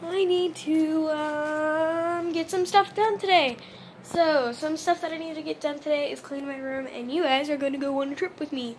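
A woman vlogging casually from her bedroom floor, rambling and self-mocking, dropping to mumbles and then jumping to loud bursts. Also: high voice, flat delivery, normal speed, slight background noise.

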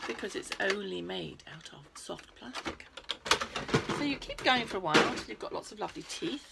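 A British woman presenting a crafting lesson for young children, animated and playful, speaking straight to the kids. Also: medium pitch, normal speed, creaky, heavy background noise. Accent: British English.

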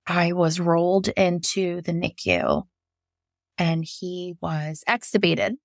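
A woman's voice: fairly low pitch, vocal fry, dry recording, clean studio sound. A woman in her thirties telling her own birth story in a frank, emotional way, with lots of fillers and some swearing. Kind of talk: candid personal storytelling.

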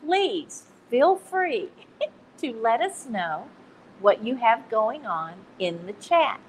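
A woman's voice: on the high side, very animated, slow pace, slight background noise, rough recording. A woman with a Texan accent hosting a casual live stream, chatty and self-deprecating, laughing at her own slips. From Texas.

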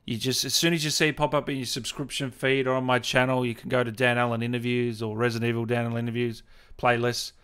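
A man's voice: medium pitch, little pitch movement, fast talker, hardly any pauses, a bit bright, clear, resonant tone. A man hosting a gaming livestream interview, chatting casually, reading out viewer comments and laughing often.

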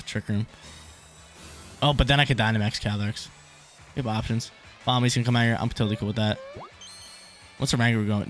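A young man thinking aloud as he commentates his own game, casual and full of slang, often repeating his lines. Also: on the low side. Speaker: gaming YouTuber. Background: game music.

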